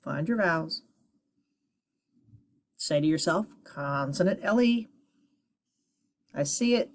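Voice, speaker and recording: A woman's voice: deep voice, lively intonation, slow pace. A woman teacher giving a phonics lesson to children, patiently sounding out syllables and encouraging her students.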